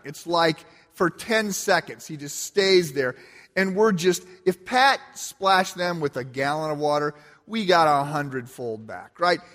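Man, pastor, sermon, conversational storytelling, wry humor, somewhat high voice, long hall reverb. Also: fairly bright tone. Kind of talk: sermon opening with a personal story.

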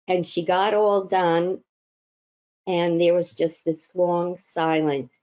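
A woman who works as a chaplain, telling personal stories in a gentle, reflective way with thoughtful pauses. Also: lowish voice, level tone, highs cut off. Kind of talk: personal storytelling talk.

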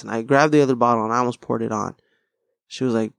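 A man's voice: mid-range voice, fairly even intonation, fast talker, creaky, clear, resonant tone, no room sound, studio quality. A man hosting a casual solo podcast, rambling, swearing and poking fun at himself. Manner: rambling, profane, self-deprecating. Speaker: podcast host and stand-up comic.

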